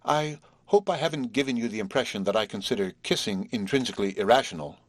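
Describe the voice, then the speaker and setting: A man's voice: lowish voice, fast talker, no room sound, close to an everyday voice. A man voicing a stiff, formal young scholar who speaks precisely. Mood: prim. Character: stiff, prim young male scholar, pedantic.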